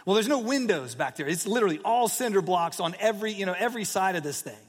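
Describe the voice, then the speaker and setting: A man in his forties delivers a sermon in a loose, storytelling style, leaning on "you know" and "like." His voice sits fairly high for a man. The sound carries a long reverb, as in a large hall. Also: lively intonation, fast. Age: 40s. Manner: storytelling, conversational with many fillers. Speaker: pastor.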